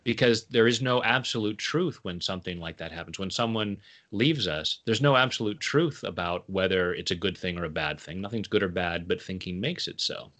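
A man chatting as an interview guest, playful and quick to laugh at his own jokes. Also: sits low, fairly bright tone. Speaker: guest, tapping coach. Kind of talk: casual interview chat.

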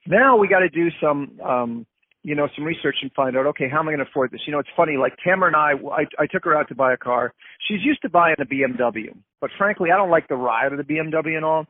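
A man talks through his ideas in a relaxed interview, acting out little everyday scenes as examples. His voice sits somewhat high and a bit husky. It comes through a dry, tinny phone line. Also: fast talker, no room sound. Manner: explains with acted-out everyday examples. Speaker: guest. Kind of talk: casual interview talk.

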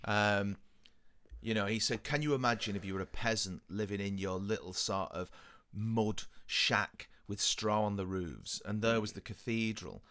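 A man's voice: fairly low pitch, normal speed, fairly bright tone, clean tone. A man in casual chat, musing thoughtfully and recalling things he has heard or read.

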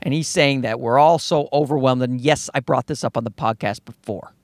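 A man hosting a podcast in a casual, rambling monologue, sarcastic and quick to swear. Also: mid-range voice, no room sound. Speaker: podcast host.

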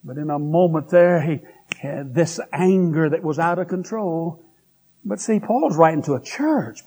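A man preaches in a husky, fairly high voice. He is folksy and emphatic, swinging from high exclamations to low, heavy asides. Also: animated, a little slow, darkish tone. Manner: folksy and emphatic, with pitch that leaps up and sinks low. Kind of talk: revival-style sermon.

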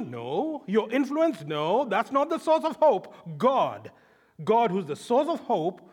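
A man from Africa delivers a sermon in a high voice that rings through a big hall with a long reverb. He leans hard on key words, then sinks into hushed, low storytelling. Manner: storytelling, swings from loud emphasis to hushed low passages. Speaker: preacher.

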